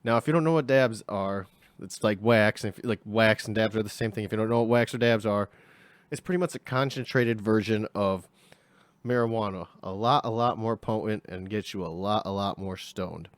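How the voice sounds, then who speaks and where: A man's voice: on the low side, moderate pace, no echo. A young man telling a casual story, rambling and slangy, acting out the people in it. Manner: rambling, slangy, acts out voices.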